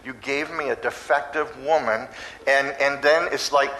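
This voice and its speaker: A man delivering a sermon at an ordinary middle pitch. His delivery is conversational and lively, and he slips into acted voices at times. A faint hiss sits under the recording. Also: normal speed, poor audio. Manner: conversational and animated, acts out voices. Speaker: preacher.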